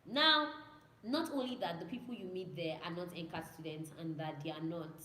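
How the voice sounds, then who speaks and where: A young woman who is a student pilot chats casually with viewers and answers their questions, repeating herself and imitating radio calls. Her voice sits on the low side, pushed and bright, at a moderate pace. The room is echoey with faint ambience.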